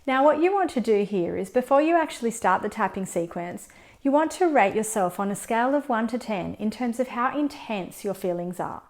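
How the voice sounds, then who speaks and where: Calm woman coaching a tapping routine. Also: medium pitch. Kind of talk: step-by-step instruction.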